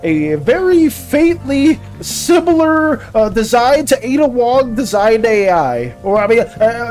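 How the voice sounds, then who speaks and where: Flustered streamer who trips over words; bouncy, animated delivery, faint music bed. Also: mid-range voice, unhurried, few pauses. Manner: stammering, repeats words, flustered and defensive. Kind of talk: casual live-stream chat while drawing.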